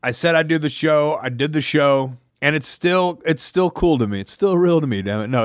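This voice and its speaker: A man, hosting a podcast in a rambling, self-deprecating monologue with animated asides. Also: medium pitch, no room sound, studio quality. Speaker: podcast host. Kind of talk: casual monologue.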